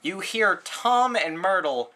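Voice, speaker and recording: A man giving a casual movie review, rambling and sarcastic, with lots of "like" and "um" fillers. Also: slow. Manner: rambling, full of "like" and "um", sarcastic asides; animated, frequent jumps in pitch.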